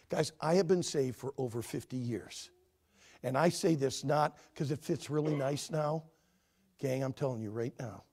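Husky, emphatic older male preacher. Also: fairly high pitch, darkish tone. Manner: earnest, emphatic, conversational. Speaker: pastor. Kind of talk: sermon. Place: church sanctuary.

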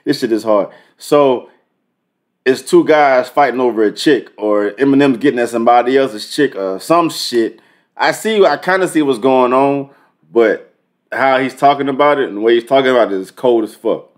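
A young man hosting a music reaction video, talking in loose, profane slang and thinking out loud with frequent restarts. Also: mid-range voice, moderate pace. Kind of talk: casual reaction commentary.

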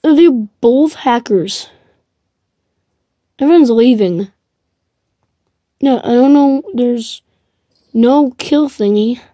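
A woman's voice: on the high side, slow pace, long pauses, warm tone, dry recording. A woman commenting on her own gameplay, puzzled and chatty, breaking into shrieks and laughter when she is chased. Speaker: gamer streaming live play.

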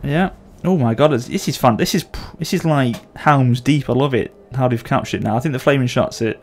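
A gaming channel host in his thirties, with a mid-range voice and brisk pace, runs a casual multiplayer game session. He jokes around and laughs often, with soft music playing in the background.

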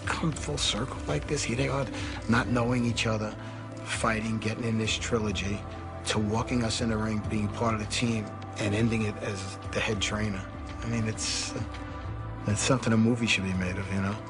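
A middle-aged man with a fairly low voice, giving a reflective documentary interview. He talks earnestly, filling gaps with "you know", while clear music plays behind. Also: steady tone, moderate pace. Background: music score.

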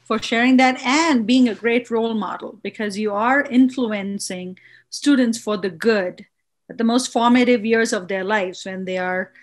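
Higher-voiced woman moderating a panel. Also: normal speed. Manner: warm, appreciative, thanks each speaker.

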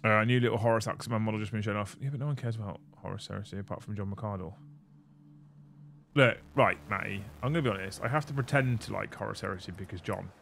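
A man's voice: fairly low pitch, quick pace, creaky, slight background noise. Chatty man hosting a livestream. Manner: chatty, thanks viewers, bursts of excitement. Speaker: livestream host. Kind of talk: casual livestream chat while building models. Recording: faint music behind.

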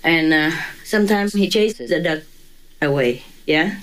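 A woman's voice: low-pitched, lively intonation, measured pace, a bit bright, rough recording. A woman being interviewed who tells a story with animation, laughing often and acting out voices and sounds.

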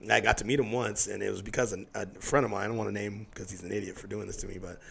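A man hosting a laid-back interview from his home studio, talking quickly with a gravelly rasp. He tells loose, profane stories and slips into impressions of the people in them. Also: lowish voice, fairly even intonation, a bit bright. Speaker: podcast host. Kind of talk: casual interview chat.

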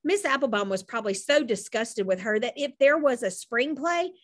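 A woman narrating a children's chapter book aloud in an expressive, lively storytelling manner. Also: fairly high pitch, normal speed. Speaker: audiobook narrator.

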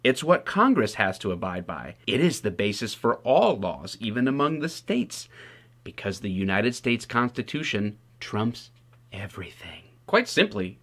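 A man's voice: mid-range voice, fairly bright tone. A man from Michigan who works as a police officer, giving casual, wry commentary to the camera with sarcastic asides. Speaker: police officer, video host.

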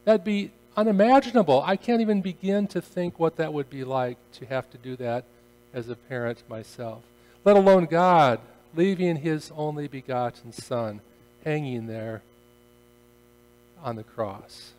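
A man preaching in a church, reading scripture with gravity and rising to loud, dramatic cries on quoted words. His voice sits a bit high for a man, with a long reverberant tail and a faint electrical hum behind it. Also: animated, unhurried. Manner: solemn, dramatic swells in volume on quoted cries. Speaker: pastor. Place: church sanctuary.

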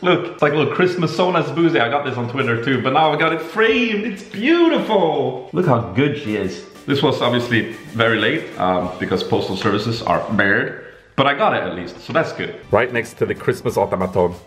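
A man's voice: brisk, roomy sound, faint music behind. Chatty Swedish man vlogging at home. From Sweden. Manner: chatty and playful, swings from soft murmurs to high excited bursts. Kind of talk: casual vlog chat. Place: home kitchen.

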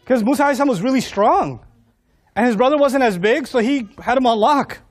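A man gives a humorous sermon to a live audience, his voice pitched notably high for a man. He is animated, acting out little scenes of dialogue and laughing often. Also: fairly quick. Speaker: preacher.

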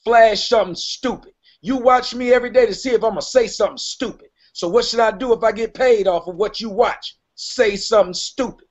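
Brash, mocking male stream host with a high-set voice, heard through dull stream audio. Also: a little fast, hardly any pauses. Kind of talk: profane live-stream rant.

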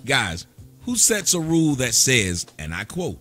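A man's voice: medium pitch, huge pitch swings, measured pace, pushed and bright, faint music behind. A man hosting a reaction commentary, mocking and sarcastic, talking straight to his viewers. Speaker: commentary host.

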